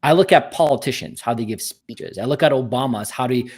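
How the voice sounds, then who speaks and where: A man's voice: medium pitch, a little fast. A man speaking as a podcast guest, earnest and motivational, building his points with emphasis. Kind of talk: podcast interview.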